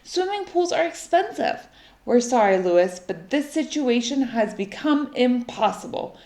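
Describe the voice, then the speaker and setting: A woman's voice: a little high, sing-song, a little slow, a little mellow, roomy sound, voice pushed up. A woman voicing a stern, sensible pair of parents who speak firmly and properly.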